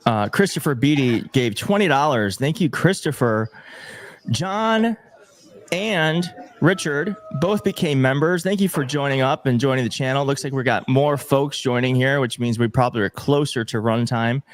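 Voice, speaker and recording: A man's voice: mid-range voice, moderate pace. A young man hosting a live stream, reading out viewer messages and thanking donors in an emotional, grateful, slightly fumbling way. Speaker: livestream host reading viewer donations. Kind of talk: casual live-stream chat.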